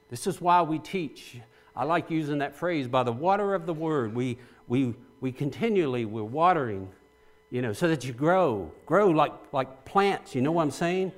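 Animated man preaching a sermon. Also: a little high. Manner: repeats phrases for emphasis, asks the congregation questions; restarts and stumbles often. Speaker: pastor.

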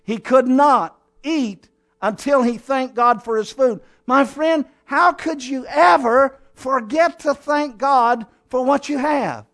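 A pastor with a strikingly high-pitched voice preaches to his congregation. He tells the story like a dramatist, one moment lifting into fervent exhortation, the next dropping low and confiding. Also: slow pace, fairly bright tone. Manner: dramatic storytelling, acting out scenes; swings between raised exhortation and low intimate asides. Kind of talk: sermon.

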